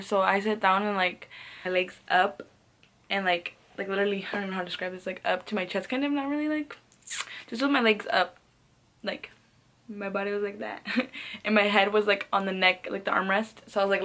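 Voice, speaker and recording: A woman's voice: medium pitch, steady tone, fairly quick, pauses often, fairly bright tone. A young woman telling a casual storytime, rambling and swearing, with frequent "like" fillers and laughs between phrases. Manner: rambling, profane, peppered with "like". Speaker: vlogger.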